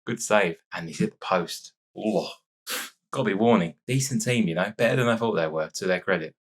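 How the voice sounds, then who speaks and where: Casting note: low-voiced male let's-player, chatty and excitable, slightly stuffy from sneezing. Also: a little fast, slightly rough. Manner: chatty, excitable reacting to match play. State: sore nose after sneezing fit. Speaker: gaming YouTuber. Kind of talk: casual let's-play commentary.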